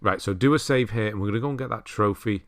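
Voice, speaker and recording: A man giving relaxed, chatty commentary over a game walkthrough, laughing at himself and correcting his own words. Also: on the low side, fast. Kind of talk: casual gameplay commentary.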